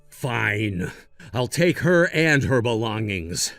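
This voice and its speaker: A man's voice: a little high, very animated, measured pace, no echo. A man narrating a scripted first-person story, speaking firmly and sarcastically, in a dry recording with faint music behind. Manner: firm, scolding and sarcastic.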